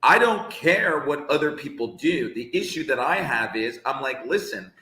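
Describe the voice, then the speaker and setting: A man's voice: mid-range voice, lively intonation, normal speed, bright, forceful tone, roomy sound, low-quality recording. A man in his fifties hosting a live discussion, talking with passion and hammering home his points. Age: 50s. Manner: passionate, emphatic, repeats points for effect. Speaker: show host.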